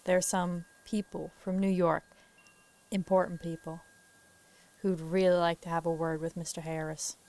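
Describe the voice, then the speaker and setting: Woman putting on a low, quiet Southern private eye, a polite and measured man. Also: little pitch movement, lightly acted. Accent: put-on Southern US. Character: polite male private investigator.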